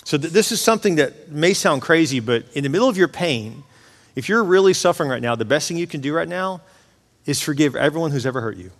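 Male pastor, animated conversational sermon delivery, slightly high voice, long hall reverb. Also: fast. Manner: animated, acts out voices of God and others.

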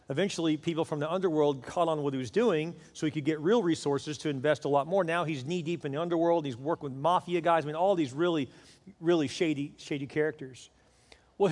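A man's voice: a little high, darkish tone, in a large hall. A man preaching a sermon, telling a story with acted-out voices and building to urgent appeals. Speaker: pastor.

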